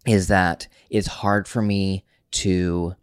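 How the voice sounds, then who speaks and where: A man in a casual couples chat, speaking haltingly with restarts and uneven pace. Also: low voice, little pitch movement, clean tone, no room sound, clean studio sound. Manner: halting, restarts words, speeds up and slows down.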